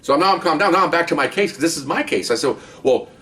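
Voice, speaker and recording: Fast-talking older man telling cop stories. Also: on the high side, slight background noise. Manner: animated, acts out the dialogue in raised voices. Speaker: retired undercover police officer. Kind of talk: casual storytelling of past cases. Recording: voice distant from the mic.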